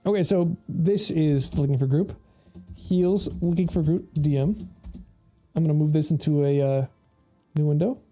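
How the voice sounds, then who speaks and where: A man's voice: on the high side, a little slow, dark tone. A man giving casual, rambling gameplay commentary as a streamer, swearing freely and laughing often, with faint music behind him. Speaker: game streamer.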